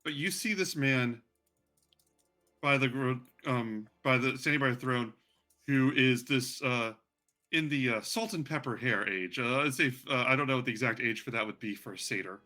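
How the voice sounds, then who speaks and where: A man's voice: medium pitch, moderate pace, sharp tone. A man narrating as game master of a tabletop role-playing game, in a loose, chatty way full of fillers.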